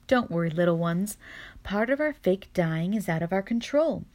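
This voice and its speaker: A woman's voice: fairly low pitch, expressive, moderate pace, a little mellow, close to an everyday voice. A woman reading a storybook aloud, voicing a wise and theatrical mother possum who lectures her babies. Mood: solemn.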